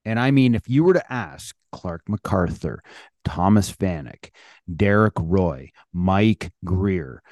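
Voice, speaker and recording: A man with a fairly low voice co-hosts a casual chat. He speaks haltingly, repeating and correcting himself as he goes. The sound is dry and close-miked. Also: animated, a little mellow, no echo. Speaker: podcast co-host.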